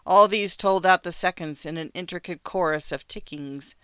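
A narrator reading classic fiction in a measured, even way. The voice is smooth and clean, with a dry, close sound and little room. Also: medium pitch, no echo.

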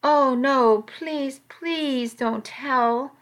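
A woman's voice: sits high, fairly bright tone, pitched above the performer's own voice, heavily acted. A woman voicing a frightened teenage girl who sobs and stammers her words. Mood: tearful. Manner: sobbing, halting, stammering pleas.

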